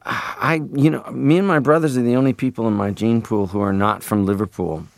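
A man's voice: medium pitch, fairly even intonation, fairly quick, creaky, no room sound. A man from Canada, a guest in an interview, talking casually and rambling with many fillers.

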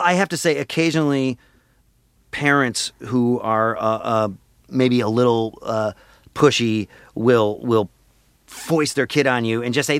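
A man's voice: medium pitch, no echo, clean studio sound. A middle-aged man with a nasal voice and a Syracuse accent, chatting playfully as an interview guest and slipping into voices. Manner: playful, slips into voices and impressions. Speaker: voice actor guest.

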